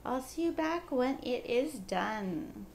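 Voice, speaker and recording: A woman's voice: fairly high pitch, expressive, slow, vocal fry, very noisy. A woman casually narrating a pet vlog in her home kitchen, coaxing her pets in a sing-song voice. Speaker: pet vlogger.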